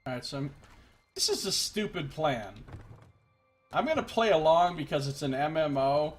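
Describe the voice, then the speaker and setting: A man's voice: a little high, animated, normal speed, faint music behind. A man giving rambling, joking commentary as he plays a game on stream, ranting now and then, at a desk microphone. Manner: rambling, joking, exasperated rants. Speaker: let's play streamer. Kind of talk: gameplay commentary.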